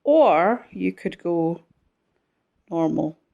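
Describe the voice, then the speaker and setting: A woman's voice: on the low side, lively intonation, extremely slow, gravelly, dark tone, dull audio. A woman giving a chatty, self-deprecating crochet tutorial while she stitches on camera.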